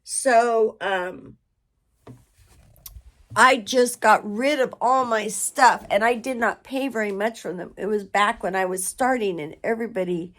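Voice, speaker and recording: A woman's voice: mid-range voice, a little slow, a bit bright. A middle-aged woman chatting frankly to camera as a reseller, rambling and emotional with many asides. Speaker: reseller vlogger. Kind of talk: casual chat to camera.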